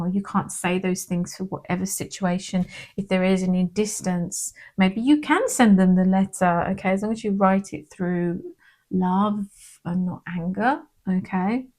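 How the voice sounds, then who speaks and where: A woman giving a casual tarot card reading in a gentle, reassuring manner, often checking in with "okay?". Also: mid-range voice.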